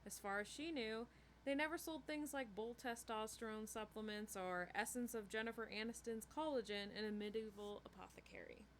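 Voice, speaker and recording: A woman reading a novel chapter aloud in a steady storytelling way. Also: fairly high pitch, a little fast, a little hiss or hum. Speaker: book reader.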